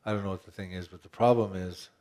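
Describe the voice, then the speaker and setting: A man's voice: low-pitched, steady tone, fast talker, a little mellow. A man pastor preaching a conversational sermon, asking rhetorical questions and often restarting his phrases.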